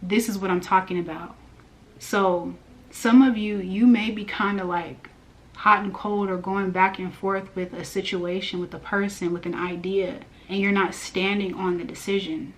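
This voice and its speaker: A woman's voice: medium pitch, moderate pace. A woman giving a casual spiritual message, telling a personal story in a chatty way with lots of fillers. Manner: chatty, animated, many fillers and laughs. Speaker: spiritual reader.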